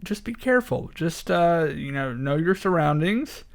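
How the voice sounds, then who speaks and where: A man co-hosting a podcast in casual chat, speaking haltingly with many uhs and restarts. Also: fairly high pitch, lively intonation, gravelly. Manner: hesitant, halting delivery with frequent uhs. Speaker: podcast co-host.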